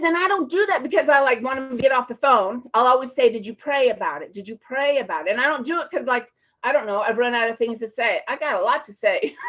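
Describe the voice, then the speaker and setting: Her story is one of personal recovery, told in a high voice with casual frankness, open feeling, and plenty of slang. This woman hails from the Champaign, Illinois area, and the recording is lo-fi and muffled, like conference audio.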